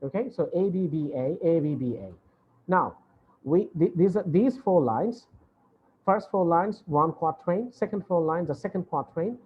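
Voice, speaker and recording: A man's voice: on the high side, expressive, measured pace, husky, dull audio. A male university English lecturer giving an online lecture, explaining patiently and repeating points with many hesitations. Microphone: video call.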